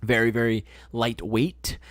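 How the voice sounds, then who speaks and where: A man's voice: medium pitch, level tone, unhurried, no echo, studio quality. A young man hosting a live stream, answering chat questions in a laid-back, slangy way, swearing now and then and repeating his phrases. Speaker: livestream host answering chat.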